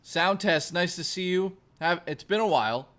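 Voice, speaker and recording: At normal speed, a male streamer with a high-pitched, pushed, bright voice chats casually with his audience. He reads chat messages out loud and jokes with a lot of swearing.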